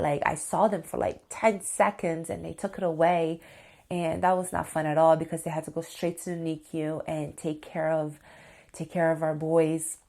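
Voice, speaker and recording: A chatty woman vlogger in her thirties tells a story straight to camera. Her voice sits a little low, and she gets excitable, filling her sentences with "like" and calling out to her viewers. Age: 30s. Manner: excitable and chatty, full of "like" and "you guys".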